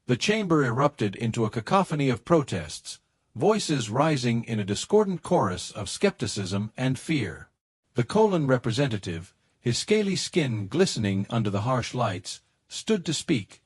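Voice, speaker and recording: A man reading a science fiction story as audiobook narration, in a dramatic, measured way. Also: medium pitch, big pitch swings, slightly rough, dry recording, clean studio sound.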